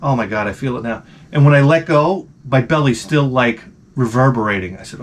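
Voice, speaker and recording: A man's voice: moderate pace, slight background noise. A man ranting casually to the camera, profane and wry, acting out quotes as he tells funny stories. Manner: animated storytelling, acts out quotes in a high voice. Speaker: vlogger. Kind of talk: casual comedic rant.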